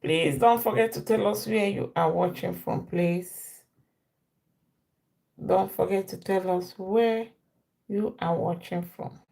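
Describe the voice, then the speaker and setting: Slow-paced woman teaching. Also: on the low side, creaky, a little mellow. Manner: repeats phrases slowly for learners. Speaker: language teacher. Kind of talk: slow live-stream language lesson.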